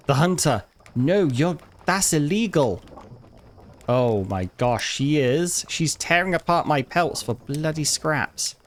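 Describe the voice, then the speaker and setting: A man talks through his gameplay in a loose, conversational way, as a regular host would. He chats directly to the game's characters and now and then leaps into high, indignant outbursts before settling back down. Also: very animated, unhurried. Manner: chatty, talks to game characters, mock outrage in sudden high bursts. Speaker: gaming YouTuber. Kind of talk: casual gameplay commentary.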